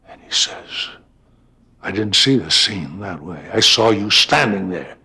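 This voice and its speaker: An older actor telling stories from his career in an interview, lively and acting out the voices of people he quotes. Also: fairly low pitch, measured pace, breathy edge. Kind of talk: storytelling interview.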